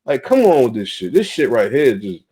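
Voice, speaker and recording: A man's voice: medium pitch, very animated, normal speed, dark tone, breathy edge, low-quality recording. A young man on a talk show panel, giving heated, profane commentary full of repeated phrases and rhetorical questions. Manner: ranting, profane, repeats himself; rhetorical questions, "you feel me" fillers. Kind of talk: casual chat, heated commentary.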